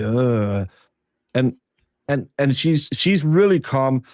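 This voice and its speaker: A man co-hosts a live stream and talks in an earnest, halting way, often restarting his sentences. His voice has a medium pitch and is recorded on a dry, close mic. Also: big pitch swings, darkish tone, dry recording. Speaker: stream co-host.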